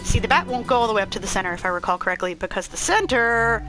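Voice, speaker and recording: A woman's voice: a little high, lively intonation, fast talker. A young woman streaming a video game, chatting playfully and poking fun at herself. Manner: chatty, self-deprecating, playful. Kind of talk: casual gameplay commentary. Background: game music.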